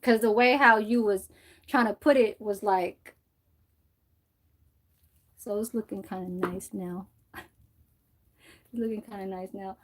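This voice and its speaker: A woman's voice: medium pitch, fairly even intonation, a little slow, long pauses. A woman livestreamer chatting loosely while she dyes her hair, rambling and swearing, with frequent laughter. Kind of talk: casual chat while dyeing her hair.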